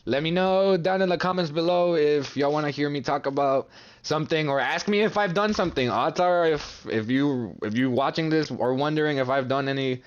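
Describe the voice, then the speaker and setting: A man's voice: fairly high pitch, fairly quick, highs cut off, slight background noise. A young man telling a casual, profane storytime in a vlog, acting out his friends' lines with lots of energy. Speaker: storytime vlogger.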